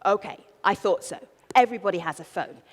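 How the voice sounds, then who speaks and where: South London woman as event host, playful comic stage patter, long hall reverb, mid pitch. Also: brisk. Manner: playful, theatrical, humorous. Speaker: conference moderator. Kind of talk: live event hosting. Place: large conference hall.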